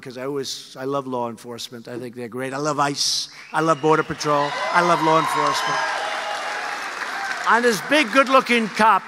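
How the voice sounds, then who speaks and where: A man's voice: on the high side, bright, forceful tone. A man in his seventies giving a rambling, emphatic speech to a crowd, repeating his phrases. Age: 70s. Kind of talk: rally speech. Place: large hall with an audience. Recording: long hall reverb with faint crowd.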